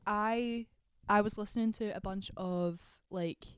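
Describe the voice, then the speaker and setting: Bubbly young Scottish woman, smooth voice. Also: mid-range voice, fairly even intonation, a little slow, no room sound. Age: young adult. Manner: bubbly, gushing, laughs easily. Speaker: podcast co-host. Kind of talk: casual chat.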